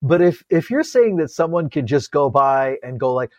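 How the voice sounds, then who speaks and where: Excitable man with a lively voice. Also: on the high side, moderate pace, no echo, muffled recording. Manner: animated, laughs often, excitable. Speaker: podcast co-host. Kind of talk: casual chat.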